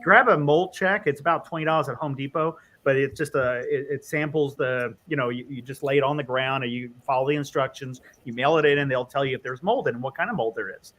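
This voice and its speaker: A man's voice: mid-range voice, quick pace, few pauses. A man, a respiratory therapist, talking in a casual conversation and acting out dialogue as he tells stories. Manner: animated storyteller, acts out dialogue.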